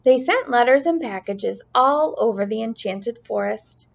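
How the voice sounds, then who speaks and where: A woman teacher reading a children's storybook aloud in an expressive, sing-song way. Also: on the high side, unhurried, vocal fry. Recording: dull lo-fi recording.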